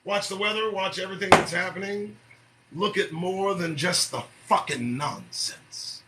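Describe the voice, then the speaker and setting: A man hosting an early-morning commentary show, preaching and swearing as he swings from shouting to low muttering. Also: a little slow, very noisy.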